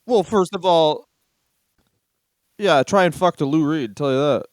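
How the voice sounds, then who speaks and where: A man's voice: fairly high pitch, measured pace, smooth, no echo, studio quality. A man co-hosting a podcast in casual comedic chat, crude and profane as he riffs jokes. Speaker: podcast co-host.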